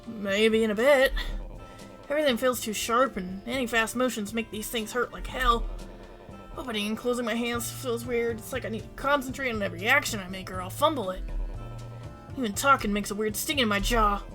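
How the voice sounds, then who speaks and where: A woman voicing a rough, foul-mouthed male convict who speaks gruffly in a game playthrough. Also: on the high side, a little fast, fairly bright tone, faint music behind, close to an everyday voice. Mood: pained. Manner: gruff, swearing.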